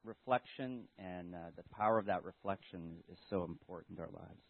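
Retelling a Bible story for children in a casual Sunday sermon, this man reflects aloud and restarts often. He's a church member giving the message, his low voice brisk and husky with vocal fry. The sound is dry and tinny, like a phone.

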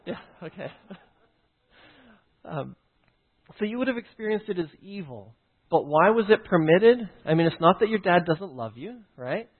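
A man's voice: sits high, animated, moderate pace, pauses often, breathy edge. A man teaching through a personal story, often stopping to check in with "right?" and "okay?". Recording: tinny phone-like line.

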